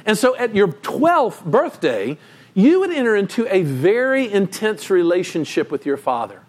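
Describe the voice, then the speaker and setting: A male pastor delivering a sermon in a high, lively voice that leaps up and down for emphasis. He tells the story with animated, emphatic energy, addressing a congregation directly. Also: moderate pace. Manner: animated, emphatic storytelling with sudden pitch jumps.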